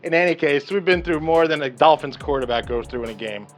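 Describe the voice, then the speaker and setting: A man's voice: a little high, fast. A man hosting his cooking vlog outdoors at a grill, chatty and enthusiastic, often checking in with "okay". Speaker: cooking show host. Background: rain and light music.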